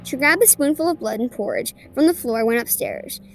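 A woman hosting a podcast reads a ghost story aloud in an earnest, deliberate way. Her voice is high, and quiet music plays faintly underneath. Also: animated, vocal fry. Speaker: podcast host.

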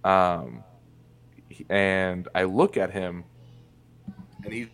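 Low-voiced young man telling a blunt story. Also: very slow, gravelly, fairly bright tone. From Indiana, USA. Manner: candid and blunt, swears freely. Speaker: podcast guest. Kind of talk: casual storytelling in conversation.

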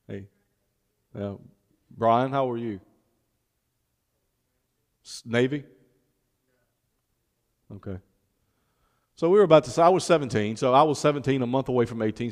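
A man's voice: mid-range voice, darkish tone, long reverb tail. A man pastor preaching a sermon, stretching out key words for emphasis and turning to chat with his congregation. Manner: preaches with emphatic, drawn-out phrases, then talks informally to the congregation.

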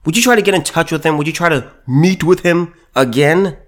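A man's voice: on the high side, brisk. A man giving opinionated video commentary and reading news aloud, emphatic and repeating himself, with many restarts.

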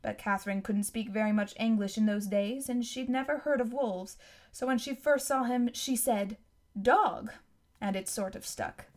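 A woman reading aloud, voicing a kindly middle-aged male explorer with a gently teasing manner. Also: a little high, normal speed, lightly acted.

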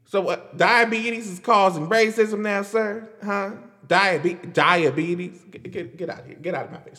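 A man hosting a casual commentary show, animated and laughing, repeating his lines for emphasis. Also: high-pitched, unhurried, few pauses, big-room sound. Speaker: host.

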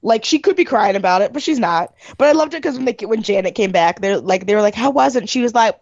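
A woman's voice: fairly high pitch, animated, quick pace, darkish tone, dry recording. A young woman co-hosting a podcast, trading snarky, opinionated reactions in casual chat. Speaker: podcast co-host. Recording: dull, dry recording.

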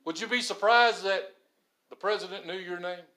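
A man preaching a sermon in an animated way, acting out the grumbling crowd now and then. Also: high voice, moderate pace, roomy sound, poor audio. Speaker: pastor.

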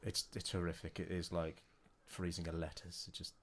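A man co-hosting a comedy podcast, giving mock-serious, deadpan setups. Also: deep voice, normal speed. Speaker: podcast co-host. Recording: noisy background.

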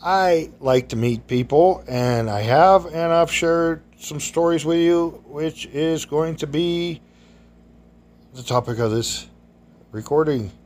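A man with a slightly high, darkish voice tells folksy stories about his past at a slow pace, over slight background noise. He rambles as he goes, and his grammar is casual and loose.

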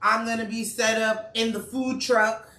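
A woman chef chatting casually with friends and customers, laughing and using relaxed slang. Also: a little high, measured pace. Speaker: chef and restaurant owner. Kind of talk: casual promo chat. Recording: echoey room, mic far off.

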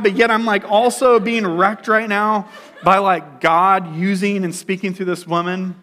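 A young man sharing a personal testimony in a casual storytelling style, full of "like" fillers and animated retelling. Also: high-pitched, moderate pace.

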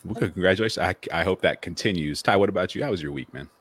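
Male co-host, very low voice, dry close sound, playful ribbing. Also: rapid-fire, a bit bright, husky, no echo. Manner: joking, teasing. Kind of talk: casual chat. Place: indoors in front of a green screen.

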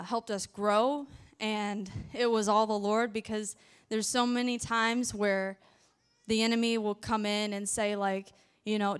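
A woman's voice: medium pitch, a bit bright, clean tone. A woman with a Southern accent telling a faith testimony in a chatty way, full of fillers and restarts. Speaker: ministry worker sharing testimony.

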